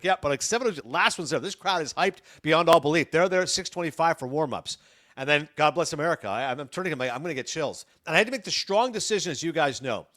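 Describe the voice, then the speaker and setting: Fast-talking, high-voiced man telling stories. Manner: animated, acts out dialogue in his anecdotes. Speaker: sports broadcaster guest. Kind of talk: podcast storytelling.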